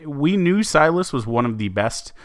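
A man's voice: a little high, very animated, normal speed, dry recording, studio quality. A man co-hosting a sports podcast, chatting casually with lots of fillers and restarts. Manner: chatty, many fillers and restarts, laughs easily. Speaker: podcast co-host.

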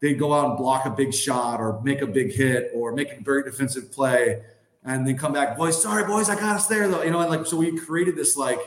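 A man's voice: mid-range voice, fairly quick. Rambling man telling stories, roomy sound. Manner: rambling, filler-heavy storytelling. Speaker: podcast guest, former hockey player. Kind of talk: casual anecdote telling.

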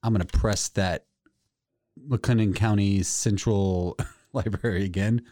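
A man co-hosting a casual podcast, spinning a story with plenty of laughter. His voice sits fairly low and mellow. The sound is dry and close. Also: unhurried, dry recording. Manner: animated storyteller, laughs often. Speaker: podcast co-host. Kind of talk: casual chat.

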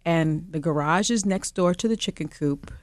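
A woman chats as an interview guest, spinning an animated story with frequent laughter. Her voice sits a little low, and the sound is close and dry with no room echo. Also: normal speed. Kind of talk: casual interview chat.

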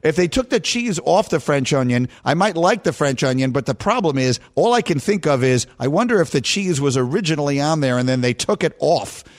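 A man hosting a sports radio show in a studio, arguing in casual banter, animated and indignant. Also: fairly high pitch. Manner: animated, indignant, quick to argue.

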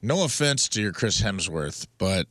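Animated, bright-voiced male co-host. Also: fairly low pitch, moderate pace, no echo. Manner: animated, jokey, riffing on voices. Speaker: radio co-host. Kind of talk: casual radio chat.

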